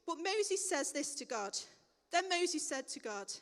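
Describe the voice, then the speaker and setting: Lady preacher, high bright voice, chatty sermon, big hall reverb. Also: big pitch swings, unhurried. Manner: conversational, plain-spoken, self-correcting. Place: church hall.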